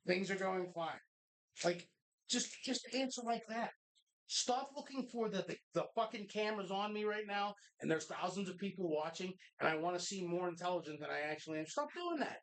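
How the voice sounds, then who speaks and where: A man's voice: sits high, lively intonation, fairly quick, a bit bright, low-quality recording. Blunt guy on a live bar show, swears a lot, rants at his guest. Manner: blunt, profane, ranting. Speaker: co-host. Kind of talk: live bar podcast talk.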